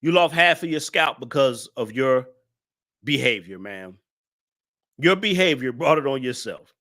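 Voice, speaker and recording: A man's voice: mid-range voice, expressive, a little slow, sharp tone. A man hosting a live stream, laughing as he roasts a viewer in loose, slangy casual talk. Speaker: live-stream show host.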